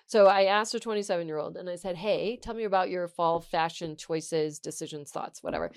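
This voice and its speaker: Young woman co-host, casual chat, animated storyteller, mid pitch, dry close mic. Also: brisk, clear, resonant tone, dry recording. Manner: animated storyteller, acts out quotes. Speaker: podcast co-host.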